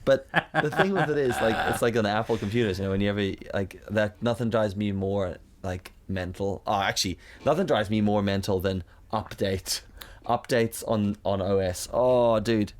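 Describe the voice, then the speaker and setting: A man co-hosting a podcast in casual chat, ranting in an animated way and acting out software with put-on voices. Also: lowish voice, normal speed. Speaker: podcast co-host. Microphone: studio condenser mic.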